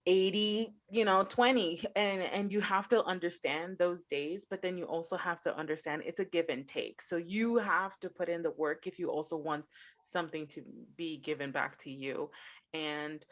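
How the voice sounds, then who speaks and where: A woman's voice: fairly low pitch, a bit bright. A woman co-hosting a book podcast, talking reflectively and posing herself questions as she gives advice in casual chat. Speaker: podcast co-host.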